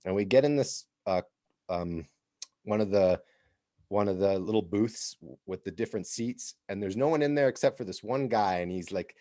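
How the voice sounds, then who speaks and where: An American man co-hosting a podcast tells a rambling story casually, often restarting and laughing. His voice is mellow and lowish at a moderate pace, recorded in studio quality with no echo.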